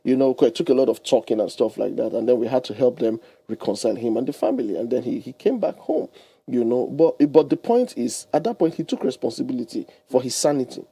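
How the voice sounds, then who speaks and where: Animated man, quick and husky. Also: medium pitch. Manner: animated, explains with homely examples and laughs often. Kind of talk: radio talk show advice. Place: radio studio.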